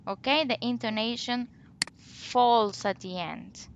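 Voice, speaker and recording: Woman teacher on a video call, very slow and careful delivery, exaggerated intonation in examples, slightly high voice. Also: dull audio, a little hiss or hum. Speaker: English teacher. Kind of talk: online one-to-one lesson.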